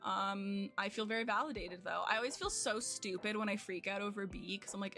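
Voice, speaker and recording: A woman's voice: medium pitch, fairly even intonation, a little fast, bright, forceful tone, faint music behind. A young woman streamer chatting casually with her viewers at home, rambling and self-deprecating with lots of fillers. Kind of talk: casual chat with chat while gaming.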